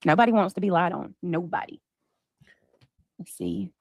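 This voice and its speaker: A woman's voice: fairly low pitch, expressive, moderate pace, darkish tone, dry recording. A woman livestreamer arguing on her stream, blunt and sarcastic, swearing freely into a close mic. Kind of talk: heated livestream argument.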